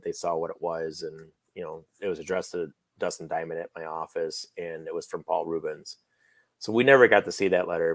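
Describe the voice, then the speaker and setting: A man's voice: sits low, no echo. A middle-aged man casually telling stories about a late friend, acting out both sides of their phone calls. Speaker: guest, friend and manager recounting memories. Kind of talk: casual storytelling in a podcast chat.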